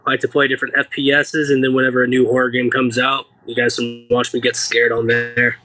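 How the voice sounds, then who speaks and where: A young American man telling an animated, profane story as an interview guest, acting out the people he quotes. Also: medium pitch, a little fast. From United States. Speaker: guest fighter.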